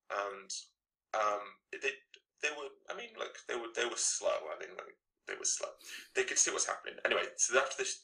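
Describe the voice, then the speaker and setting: A man telling a story in an interview, quickly and with many restarts. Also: fairly low pitch, bright, forceful tone, rough recording. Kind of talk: recounting an incident in an interview.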